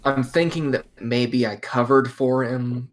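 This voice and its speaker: A man playing a tabletop game, describing his character's actions in a dry, even way. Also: mid-range voice, a little slow. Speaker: player. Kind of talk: casual tabletop play.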